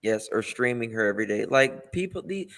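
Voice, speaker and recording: A man co-hosting a casual commentary chat, giving earnest and opinionated remarks in a measured way. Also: mid-range voice, animated, fairly bright tone. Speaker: co-host.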